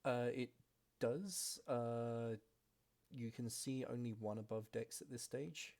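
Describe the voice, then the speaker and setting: A man narrating as game master, giving relaxed, matter-of-fact rulings with soft fillers. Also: mid-range voice, slow. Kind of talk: narrating a tabletop game over a call.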